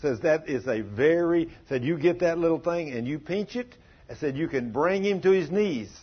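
A man's voice: fairly high pitch, lively intonation, normal speed, slightly rough, muffled recording. A man preaching a folksy sermon, full of stories and questions put to the congregation. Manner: folksy, plain-spoken, asks the audience questions.

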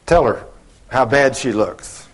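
A man's voice: mid-range voice, slow pace, a faint crowd, a little hiss or hum. A middle-aged man preaching a sermon, telling folksy stories and acting out both sides of the conversations.

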